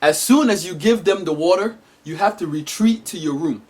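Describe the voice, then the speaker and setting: A man delivering an animated, emphatic comedic monologue as a vlogger. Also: high voice, moderate pace, husky.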